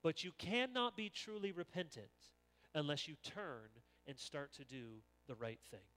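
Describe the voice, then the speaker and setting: A man preaching a sermon as pastor, animated and acting out the voices he quotes. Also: a little high, a little slow. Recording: long reverb of a large hall.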